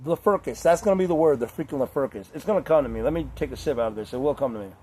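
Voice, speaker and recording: A young man talking casually to camera in a crude, rambling way, laughing often and mimicking others in high voices. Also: expressive, very fast, dark tone, husky. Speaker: vlogger.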